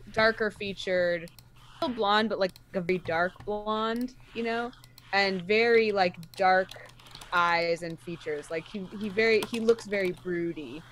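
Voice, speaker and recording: A woman's voice: medium pitch, slight background noise. A woman playing a tabletop game, hesitantly describing her character with lots of fillers. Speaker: player.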